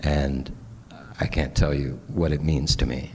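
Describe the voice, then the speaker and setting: A man's voice: very deep voice, little pitch movement, a little slow, creaky, darkish tone. A man giving an earnest, candid conference speech with self-deprecating humor. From Canada. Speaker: conference speaker. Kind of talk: personal keynote speech. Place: large conference hall. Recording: long hall reverb, faint noise.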